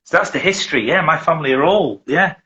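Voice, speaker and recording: A man's voice: a little high, lively intonation, fast, sharp tone, lo-fi sound. A middle-aged man from England, a survival instructor chatting casually as an interview guest, who rambles and restarts his sentences often.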